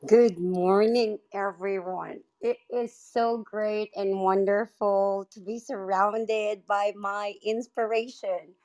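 A woman who works as a chakra healer, sharing in an earnest, spiritual way with many pauses. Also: mid-range voice, fairly even intonation, a little mellow. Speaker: chakra healer speaking in an audio room. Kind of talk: heartfelt casual sharing.

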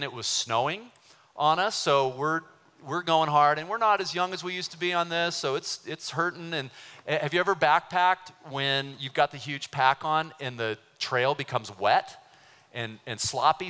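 A man preaching a sermon, telling a personal story in an animated way and acting out the voices of people he quotes. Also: mid-range voice, clean tone. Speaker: pastor. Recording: long hall reverb.

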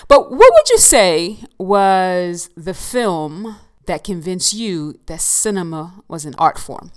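A woman's voice: fairly low pitch, a bit bright. A woman hosting a podcast, asking a guest curious questions. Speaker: podcast host. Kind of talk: podcast interview.

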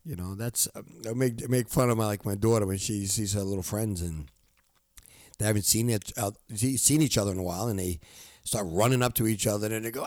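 A man's voice: fairly low pitch, brisk, darkish tone, no echo, clean studio sound. A middle-aged man hosting his own podcast, talking in a rambling, heartfelt way with lots of fillers and restarts. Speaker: podcast host. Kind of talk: casual solo podcast monologue. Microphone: close studio microphone.

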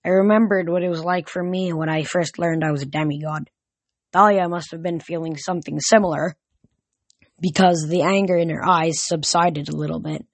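A man's voice: a little high, steady tone, normal speed, dry recording. A young man reading a storybook chapter aloud, plain and a little hesitant, with small restarts. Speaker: reader. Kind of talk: amateur audiobook reading.

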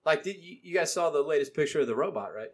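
A man's voice: a little high, lively intonation, quick pace, husky. A man co-hosting a casual chat, loose, profane and joking.

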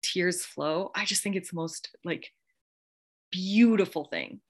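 A woman's voice: fairly low pitch, slow. A woman in her thirties hosting a podcast, talking in a casual, gushing motivational monologue and laughing often. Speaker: podcast host.

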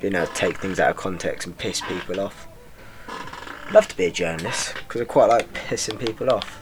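A young man with a lowish voice, talking off the cuff in a dry, self-deprecating way. He hosts a casual podcast and swears without apology. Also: fairly quick, noisy background. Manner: deadpan, self-mocking, swears freely. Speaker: podcast host. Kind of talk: rambling comic monologue.

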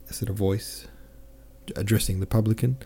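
A man narrates a classic novel in a measured, careful reading, pausing to correct the odd slip. His voice is low and strikingly dark and mellow. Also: fairly even intonation, gravelly, husky. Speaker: audiobook narrator.

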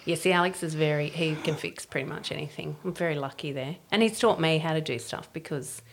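Casting note: woman, slightly low voice, chatty anecdote teller. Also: brisk, a little hiss or hum. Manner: chatty, laughing, acts out quoted voices. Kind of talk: casual chat.

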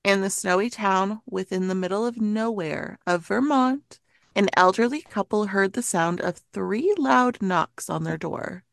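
A woman on a podcast, chatting and narrating a spooky story in an earnest, measured way. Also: medium pitch, animated, gravelly. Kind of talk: casual chat and story narration.

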